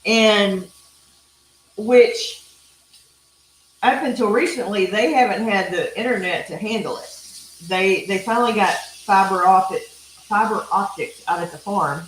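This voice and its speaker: A woman's voice: medium pitch, a little slow, pauses often, a bit bright, reverberant, slight background noise, rough recording. A middle-aged woman from Texas with a Texan accent, hosting a cooking live stream in a chatty, folksy way with rambling asides. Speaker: cooking show host. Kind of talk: casual live-stream chat while grilling.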